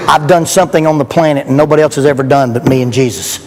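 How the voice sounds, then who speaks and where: This is a middle-aged man with a fairly high voice, speaking fast as he preaches a sermon at a church youth rally. Earnest and emphatic, he asks rhetorical questions, captured with long reverb in the hall and faint background noise.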